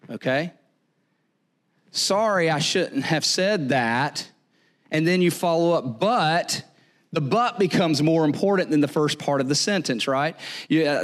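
Male pastor, higher voice, casual joking sermon delivery with repeats and asides. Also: animated, unhurried. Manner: conversational, jokey, repeats words and asks "right?".

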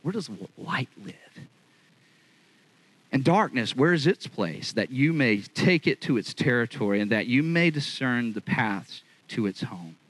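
A man voicing God as a stern, sarcastic deity who questions a mortal, speaking slowly and mockingly. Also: medium pitch, animated, fairly bright tone, rough recording. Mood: solemn.

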